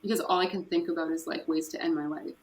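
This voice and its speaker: A woman's voice: low voice, fairly even intonation, quick pace. A woman telling her personal story candidly as a podcast guest, with nervous laughs. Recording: echoey room with faint noise.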